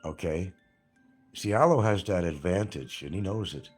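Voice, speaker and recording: A man's voice: sits low, moderate pace, husky, faint music behind. A man hosting a livestream, reading chat comments aloud and mocking people in a rambling, crude way. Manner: crude, mocking, laughs at his own jokes.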